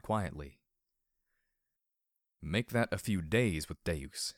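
A man narrating a first-person audiobook in a steady, measured storytelling manner. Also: sits low, dry recording, clean studio sound.

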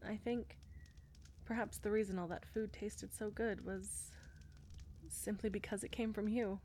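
A woman voicing a shy, war-weary female knight commander in an audio role-play, speaking hesitantly with soft fillers. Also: mid-range voice, fairly even intonation, unhurried, a little hiss or hum, natural voice. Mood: shy, tender.

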